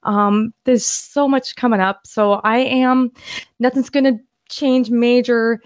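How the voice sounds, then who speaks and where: A woman co-hosting a podcast, excitedly walking through property deals on screen in a casual, rambling way with frequent restarts. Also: fairly high pitch, takes it slowly, smooth, no echo. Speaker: podcast co-host and land investor. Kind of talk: casual screen-share deal walkthrough.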